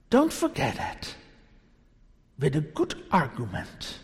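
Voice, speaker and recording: A man's voice: high-pitched, in a large hall. A man preaching a sermon to a congregation, emphatic and full of rhetorical questions. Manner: slow, deliberate delivery with sudden rises. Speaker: pastor. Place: church.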